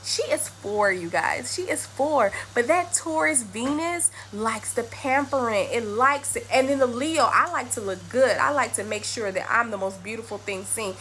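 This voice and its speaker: Young mom vlogger, higher voice, lively delivery that acts out her child's lines. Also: normal speed, hardly any pauses, a little hiss or hum. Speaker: mother and astrology vlogger. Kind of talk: casual chat to camera.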